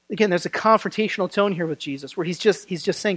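Animated conversational male preacher. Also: sits high, fast, hardly any pauses. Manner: animated, conversational, acts out quoted voices. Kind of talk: sermon.

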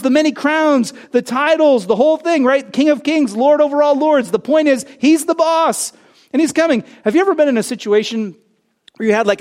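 A male pastor preaching a sermon, animated, building to loud emphatic phrases and dropping into joking asides. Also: high-pitched.

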